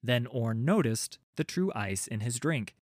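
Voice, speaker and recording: A man's voice: mid-range voice, lively intonation, a little slow, dry recording, studio quality. Wry man reading a children's story. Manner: wry, playful asides to listeners.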